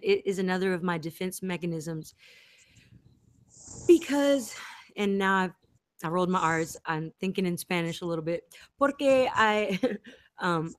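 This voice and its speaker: Low-voiced, rambling, giggly woman. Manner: giggly, meandering, with frequent self-interruptions. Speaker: host. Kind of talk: rambling casual chat.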